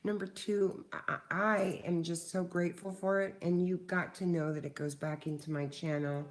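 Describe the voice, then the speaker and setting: Chatty woman streamer with low voice. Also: steady tone, moderate pace. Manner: chatty, swears freely, talks to viewers in chat. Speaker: livestream host. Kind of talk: casual livestream chat.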